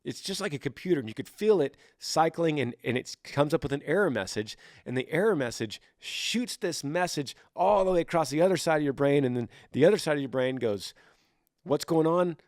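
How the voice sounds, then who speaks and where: A man's voice: on the high side, lively intonation, fairly quick, few pauses, darkish tone, no room sound. Earnest rambling man, dry close sound. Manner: rambling, earnest, repeats words while searching. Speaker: podcast host. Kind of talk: casual advice monologue.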